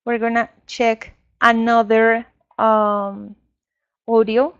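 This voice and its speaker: A woman whose first language is Spanish, leading an online training for English teachers, explaining slowly with many fillers. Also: on the high side, level tone, clear, resonant tone, muffled recording. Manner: slow, explanatory, with frequent fillers.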